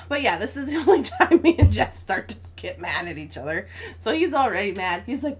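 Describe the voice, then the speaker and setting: Animated woman telling a story. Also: medium pitch, moderate pace, husky. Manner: animated, laughing often, acting out both sides of an argument. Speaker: crafting livestream host. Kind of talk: casual storytelling chat.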